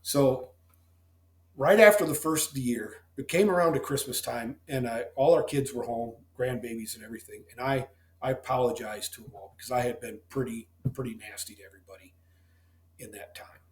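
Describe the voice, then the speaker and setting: Man, middle-aged, plainspoken farmer, heartfelt interview storytelling, mid-pitched, echoey room. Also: a little fast. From Missouri. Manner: plainspoken and folksy. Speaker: dairy farmer guest. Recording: roomy echo.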